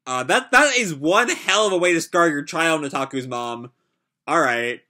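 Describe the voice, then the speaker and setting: A man reading a comic aloud and reacting live in a casual way, full of filler "like"s. His voice sits a little high and swings widely in pitch, with a bright, forceful edge. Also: lively intonation, normal speed.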